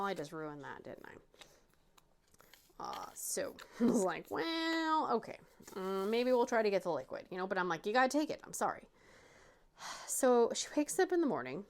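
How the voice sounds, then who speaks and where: Woman, crafting vlogger, casual rambling story, acts out quotes, mid-pitched voice. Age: adult parent. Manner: animated retelling, acting out quotes with pitch jumps. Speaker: crafting channel host. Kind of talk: chatty storytelling while diamond painting.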